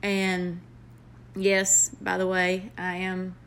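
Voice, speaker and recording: Southern woman, young, earnest heartfelt vlog talk, slow and deliberate delivery. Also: on the low side, completely flat delivery, a bit bright, a little hiss or hum. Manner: earnest, heartfelt, with pauses and fillers. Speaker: nurse vlogger. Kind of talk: motivational vlog.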